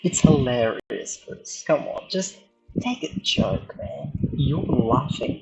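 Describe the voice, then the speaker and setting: A man chatting casually as a YouTuber, excitable, laughing often and swearing. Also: a little high, slow, gravelly, dull audio, over music. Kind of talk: casual commentary on chatbot chats.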